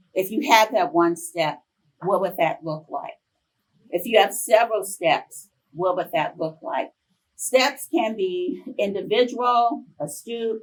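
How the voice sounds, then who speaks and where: A woman in her fifties, a professor giving a conference talk, telling chatty, animated personal stories to the audience. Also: lowish voice, distant mic, poor audio. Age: 50s. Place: conference room.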